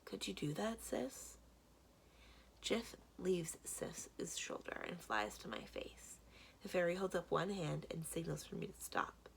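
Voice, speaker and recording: A woman, a children's librarian, reading a children's book aloud in steady first-person storytelling. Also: on the low side, a little slow, vocal fry, in a whisper.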